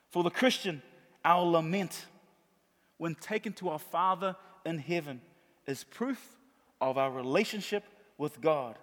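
A middle-aged man preaching a sermon, telling stories and stressing his points by repeating them. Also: sits high. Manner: warm storytelling with emphatic repetition. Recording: long reverb of a large hall.

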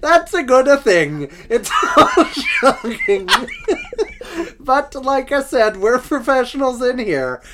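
A man putting on a hockey player's voice in a wandering mock Swedish accent, higher and louder than his usual voice. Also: very animated, slow pace, very noisy, full character voice. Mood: mock-earnest. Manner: mock accent sliding between Swedish, Italian and Minnesotan.

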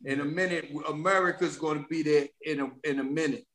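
D.C.-male rapper guest, bright and forceful, animated storyteller. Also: on the high side, a little fast. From Washington, D.C. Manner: animated, streetwise storytelling with slang. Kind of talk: casual podcast interview.

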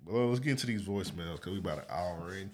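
Brief: male podcast co-host, low voice, relaxed, cussing banter. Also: racing. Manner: laid-back, profane, laughs often. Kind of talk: casual chat.

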